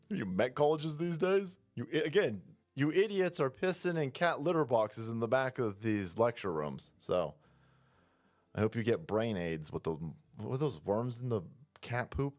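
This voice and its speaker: A man's voice: animated, measured pace, darkish tone. A man giving ranting, profane political commentary, mocking the people he talks about. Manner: mocking, profane, mimics others in high voices.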